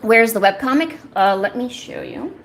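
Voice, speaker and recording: A woman's voice: a little high, expressive, moderate pace, fairly bright tone, soft background music. A young woman streaming while she draws, chatting casually in a rambling, self-deprecating, jokey way. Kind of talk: casual chat while drawing.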